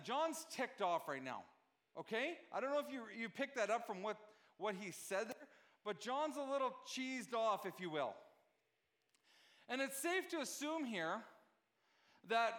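High-voiced man preaching a casual sermon. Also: a bit bright. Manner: conversational, checks in with listeners. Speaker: pastor.

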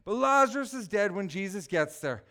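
A man's voice: sits high, lively intonation, moderate pace, pushed and bright. A man preaching a sermon in church, emphatic and often asking the congregation questions. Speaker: pastor.

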